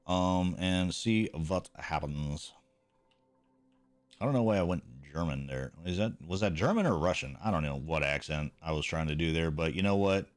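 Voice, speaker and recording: Speaking in an animated bass voice at a quick pace with few pauses, a man talks with viewers while streaming a video game. He's laid-back and rambling, pokes fun at himself, and curses occasionally.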